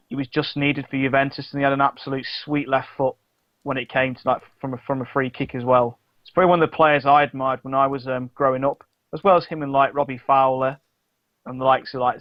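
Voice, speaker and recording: A man's voice: medium pitch, no room sound. A man co-hosting a sports podcast, talking casually, with many restarts and fillers. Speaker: podcast co-host. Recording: dull lo-fi dry sound.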